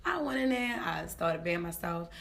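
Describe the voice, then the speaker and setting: A woman's voice: fairly low pitch, moderate pace, creaky. A woman, a comedian telling stories in a casual interview and acting out what people said. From Baltimore, Maryland, USA. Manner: animated, acts out quotes in voices, laughs often. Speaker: comedian guest.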